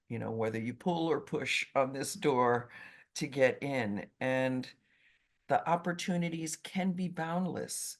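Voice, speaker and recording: A middle-aged woman from Brazil, a Portuguese native speaker with a slight Brazilian accent, answering interview questions as an animated, expressive storyteller. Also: a bass voice, vocal fry. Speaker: medical interpreter, interview guest.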